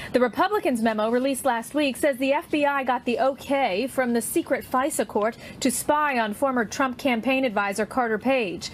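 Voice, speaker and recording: A woman correspondent reporting from near the White House, measured as she reads quotes steadily. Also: a little high, a little hiss or hum. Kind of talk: news report.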